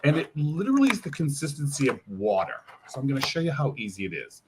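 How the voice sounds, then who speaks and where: In an animated interview, a male hair care brand educator explains and demonstrates a product, acting out snippets of client dialogue. His pitch is medium and his pace quick, with a noisy background behind him.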